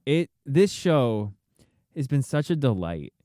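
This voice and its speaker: Lively, smooth-voiced man chatting. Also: mid-range voice, slow, no echo, studio quality. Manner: excitable, profane, acts out quotes. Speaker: podcast co-host. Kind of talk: casual TV review chat.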